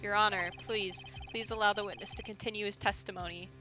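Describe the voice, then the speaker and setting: A woman's voice: medium pitch, steady tone, fast, music in the background, lightly acted. A woman voicing an earnest young male defense lawyer, asking probing questions in a plain voice.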